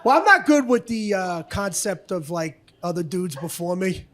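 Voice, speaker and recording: A man's voice: high voice, big pitch swings, moderate pace, a bit bright, a little hiss or hum. A man doing a stand-up comedy routine on a club stage, brash and profane, often slipping into other people's voices.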